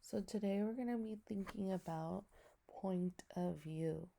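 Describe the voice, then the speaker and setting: A woman's voice: mid-range voice, a little slow, creaky, warm tone. A woman teacher giving a recorded lesson to her students, explaining patiently step by step and asking them questions.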